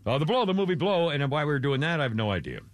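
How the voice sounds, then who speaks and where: A man's voice: fairly high pitch, sing-song, racing, dry recording. An older man hosting a talk radio show, chatting in a rambling way, often restarting his sentences, on a studio microphone.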